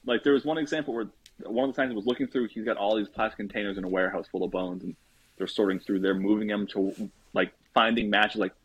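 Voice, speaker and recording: Podcast guy, husky voice, lots of uh's, kinda muffled dry mic. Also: fairly low pitch, fairly even intonation, fast talker, no echo. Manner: hesitant, many fillers. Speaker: podcast co-host. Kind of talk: casual podcast chat. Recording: dull dry mic sound.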